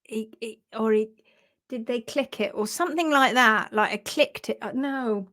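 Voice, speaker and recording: A woman's voice: a little high, moderate pace, fairly bright tone. Giggly woman chatting on a live stream. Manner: giggly, playful, reading comments aloud. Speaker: hoof trimmer hosting a live stream. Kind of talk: casual live-stream chat.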